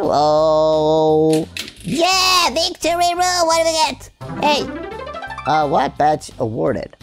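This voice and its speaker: Excitable Swedish woman narrating gameplay. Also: slow. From Sweden. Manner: excitable, jokey, swings between squeals and low mutters. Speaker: gaming channel host. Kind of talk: let's-play commentary. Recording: faint game music behind.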